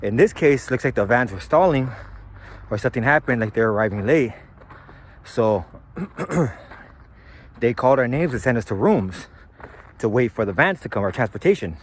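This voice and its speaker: A man's voice: medium pitch, lively intonation, normal speed, pauses often, a little hiss or hum. A man telling a story from his own life in a loose, slangy, profane way. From San Gabriel Valley, California. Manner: laid-back, slangy and profane, loose rambling delivery. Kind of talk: casual storytelling monologue.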